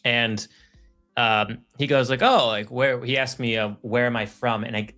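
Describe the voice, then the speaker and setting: A man co-hosting a casual live stream, telling animated anecdotes and laughing as he talks. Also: mid-range voice, moderate pace, soft background music. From United States. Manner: animated anecdote teller, laughs while talking. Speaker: co-host.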